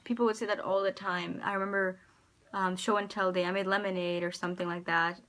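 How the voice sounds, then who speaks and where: A woman with an American accent speaks casually to her camera, her voice sitting at an ordinary middle pitch. She rambles and hesitates, filling gaps with ums and starting sentences over. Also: flat delivery, a little fast, fairly bright tone. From United States. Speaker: vlogger. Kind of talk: casual personal storytelling to camera.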